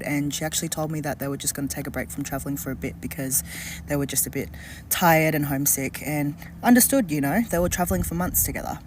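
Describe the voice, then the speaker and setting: A woman casually recounting a story in a chatty, gossipy way, sometimes lowering her voice. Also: a little mellow, a little hiss or hum. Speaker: commentator. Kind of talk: casual commentary.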